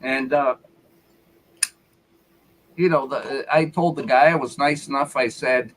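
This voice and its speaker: A man's voice: mid-range voice, steady tone, measured pace, long pauses, slight background noise, low-quality recording. A man giving a heated, profane rant on a live stream, repeating himself as he talks. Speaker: featured speaker on a live call-in show.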